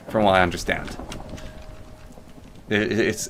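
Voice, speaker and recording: A man's voice: fairly low pitch, moderate pace, pauses often, fairly bright tone. A man casually rambling and joking while narrating his gameplay. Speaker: gaming channel host.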